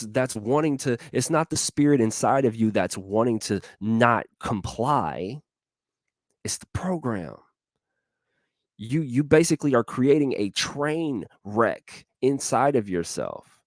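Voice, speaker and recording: A man's voice: mid-range voice, lively intonation, slow pace, no echo, studio quality. A man giving a casual motivational talk as host, earnest and repetitive, full of rhetorical questions, speaking straight to his listeners in a folksy way. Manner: addresses listeners directly and folksily.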